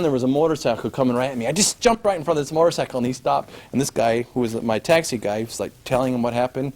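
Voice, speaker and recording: Animated man telling a travel tale. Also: mid-range voice, fast talker, hardly any pauses. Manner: animated, acts out scenes, laughs at his own story. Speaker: storyteller. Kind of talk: live personal travel storytelling.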